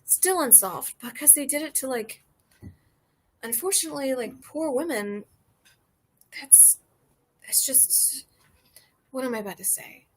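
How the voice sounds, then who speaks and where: A young American woman chats with her stream, slightly tipsy after a few drinks. Her voice is husky and sits a bit high. She rambles loosely, full of fillers and casual swearing. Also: expressive, unhurried, pauses often. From United States. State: a little tipsy. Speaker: streamer chatting with viewers. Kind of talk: casual chat. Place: porch outdoors.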